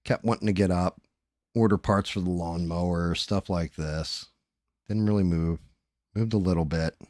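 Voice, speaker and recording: A man's voice: low-pitched, fairly even intonation, moderate pace, a little mellow, dry recording, studio quality. A middle-aged man, a streamer, talking candidly and rambling in casual chat, with some cursing.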